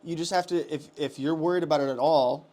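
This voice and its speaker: A man's voice: a little high, fairly even intonation, quick pace, dark tone. Man, 30s, podcast co-host, heated, profane, rambling chat. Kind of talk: casual ranting chat.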